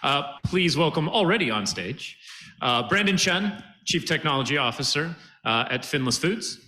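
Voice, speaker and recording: A man hosting a conference session, introducing the panel with halting, filler-heavy delivery. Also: on the high side, expressive, bright, forceful tone, a little hiss or hum, low-quality recording. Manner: halting, many fillers, self-deprecating. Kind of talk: event introductions.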